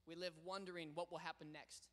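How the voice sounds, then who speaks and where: A young man preaching a sermon as pastor, swinging between loud proclaiming and quiet storytelling. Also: a little high, little pitch movement, fairly quick. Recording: long reverb of a large hall.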